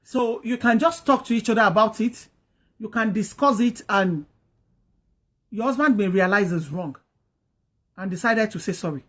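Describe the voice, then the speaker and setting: A woman's voice: medium pitch, moderate pace, long pauses. A woman hosting a talk, giving earnest, repetitive marriage advice and exhorting her listeners.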